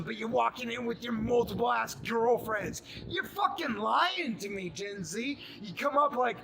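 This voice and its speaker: Man in his forties, high-pitched voice, angry ranting, shouting, crowd noise behind. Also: lively intonation, moderate pace, creaky, few pauses, reverberant, rough recording. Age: 40s. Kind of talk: ranting monologue to camera.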